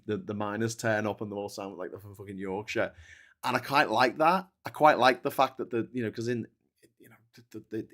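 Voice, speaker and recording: A British man hosting a casual live stream, reading viewer comments aloud and wandering off on chatty tangents with frequent laughs and restarts. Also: medium pitch. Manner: chatty, digressive, laughs often, stammering restarts. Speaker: host.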